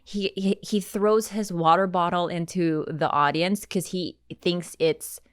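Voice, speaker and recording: A woman's voice: fairly low pitch, fairly even intonation, unhurried, clear, resonant tone, no echo. Hesitant rambling woman, dry mic. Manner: rambling, hesitant with many ums, swears freely. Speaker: podcast co-host. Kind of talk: casual chat, storytelling.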